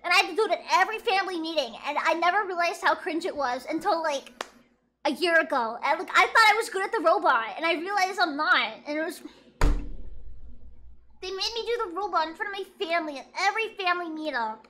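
Young female streamer, very high lively voice, excitable, casual chat. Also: a little hiss or hum. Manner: excitable, loud, drawn-out exclamations.

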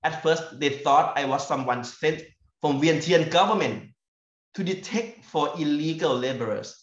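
A Thai-accented university lecturer from northeastern Thailand, with a voice a little on the high side, describes his fieldwork in an academic talk. He stops and repeats words while searching for what to say, and the sound is echoey and somewhat dull, as though recorded in a lecture room.

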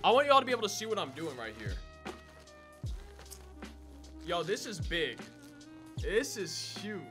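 Breezy bright-voiced young man vlogging. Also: high-pitched, wildly swooping pitch, fast, faint music behind. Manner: chatty, talks to viewers as y'all. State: out of breath. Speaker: gaming YouTuber. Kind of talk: casual unboxing vlog.

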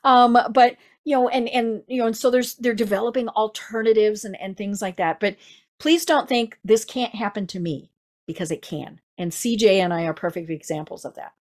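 A woman's voice: medium pitch, normal speed, darkish tone. A woman with a Midwestern American accent hosting an interview in a chatty way, full of fillers and restarts. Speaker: podcast host. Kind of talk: casual interview chat.

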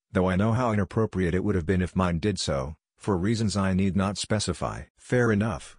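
A man with a very low, husky voice reads a fan story aloud. He narrates and voices every character in the same even delivery. The recording is dry and close. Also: dry recording. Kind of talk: scripted narration.

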